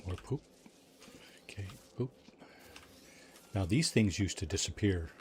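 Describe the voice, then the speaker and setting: A man's voice: deep voice, expressive, measured pace, noisy background. A man chatting casually while livestreaming a game, reading chat aloud and joking with his viewers. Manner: chatty, reads chat aloud, jokey asides. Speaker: streamer.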